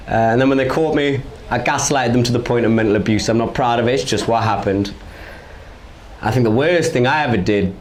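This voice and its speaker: A man's voice: mid-range voice, slight background noise. A man from England doing a confessional stand-up set, telling stories with asides to the crowd. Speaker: stand-up comedian.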